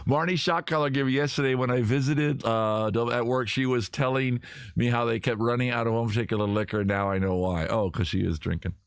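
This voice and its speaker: A man hosting a livestream from home, riffing on viewer questions in a rambling, crude, deadpan absurd way. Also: mid-range voice, brisk, clear, resonant tone, no room sound. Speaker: host. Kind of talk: improvised comic livestream answering viewers.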